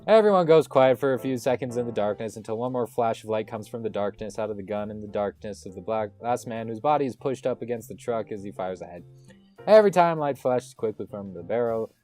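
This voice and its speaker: A man's voice: on the low side, lively intonation, a little fast, dark tone, soft background music. Man reading stage directions aloud. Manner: reads stage directions, stumbling and wry. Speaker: script reader. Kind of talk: comic script read-through.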